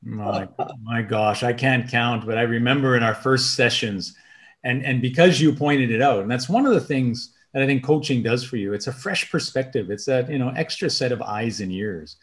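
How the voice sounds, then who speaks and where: A man co-hosting a leadership talk, speaking in a reflective, measured way with small hesitations. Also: mid-range voice. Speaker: co-host, leader being coached. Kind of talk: conversational talk.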